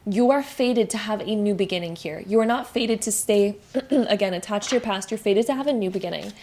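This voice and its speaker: A woman's voice: mid-range voice, brisk, darkish tone, a little hiss or hum. A young woman giving a casual spiritual card reading, chatty and self-laughing, with many fillers and restarts. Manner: chatty, laughs at herself, over-explains with many likes. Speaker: tarot reader.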